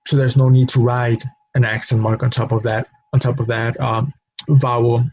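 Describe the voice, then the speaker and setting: Man, language teacher, patient and repetitive, flat delivery, dull lo-fi recording. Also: medium pitch, moderate pace, dry recording. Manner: patient, repeats himself, tag question "no?". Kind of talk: recorded classroom lesson.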